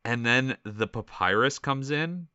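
A man's voice: medium pitch, expressive, a little slow, sharp tone, clean tone, no room sound, muffled recording. A man chatting casually as a podcast co-host, recalling events in a rambling way with fillers. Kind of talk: casual chat.

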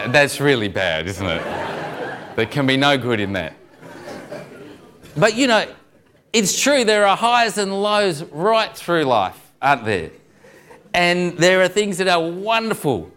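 Aussie preacher guy telling jokes in a sermon, laughs at his own punchlines, higher-ish voice. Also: a bit bright. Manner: jokey storyteller, chuckles through punchlines. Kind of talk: sermon with humorous stories.

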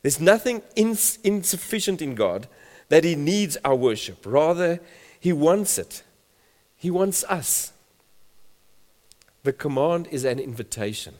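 A man's voice: fairly high pitch, lively intonation, measured pace, a little mellow. A man preaching a sermon, reading scripture emphatically and building in volume. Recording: long hall reverb.

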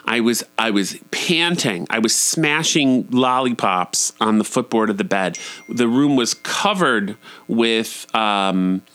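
A man's voice: medium pitch, animated, slow pace, a bit bright, smooth, no room sound. A man in his forties telling a personal story in a candid, profane, self-deprecating way. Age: 40s. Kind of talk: personal monologue.

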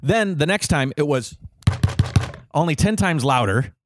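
A young man with a loud voice telling a travel story as co-host in a casual, jokey chat. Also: a little high, measured pace, no room sound. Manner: animated, jokey, laughs often.

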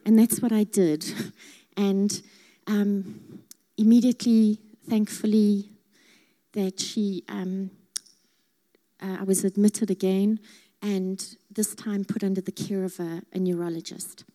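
Deep-toned woman, earnest testimony. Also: little pitch movement, slow pace. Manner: earnest and heartfelt, with soft hushed emphases. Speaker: speaker sharing her testimony. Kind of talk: personal faith testimony.

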